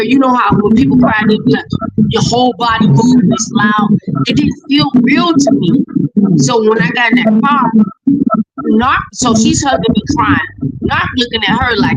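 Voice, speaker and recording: A woman talking in a blunt, emphatic way, often swearing, telling a personal story in casual chat on a noisy stream. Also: a little high.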